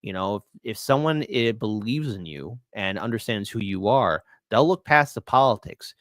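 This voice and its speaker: A man's voice: mid-range voice, no echo, clean studio sound. A man on a political podcast, telling personal stories in casual chat, his voice jumping up sharply when he gets indignant. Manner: animated storyteller, voice jumps up when indignant. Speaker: guest co-host.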